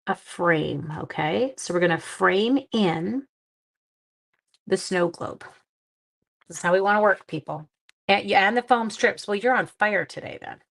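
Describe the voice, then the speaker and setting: A woman, hosting a casual livestream craft demo, chatty, giggly and quick to poke fun at herself. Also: mid-range voice, vocal fry. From Canada. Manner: chatty, giggly and self-deprecating. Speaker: craft class host and schoolteacher.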